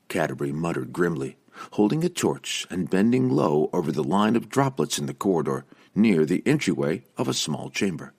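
A man reading a fantasy novel aloud as narrator in an expressive, varied delivery. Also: extremely low pitch, fairly quick, gravelly, husky. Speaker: audiobook narrator.

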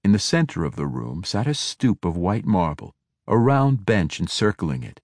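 In a very deep voice, a man narrates a fantasy audiobook, keeping his delivery measured and even at a steady storytelling pace. The recording is dry and close, with no room sound.

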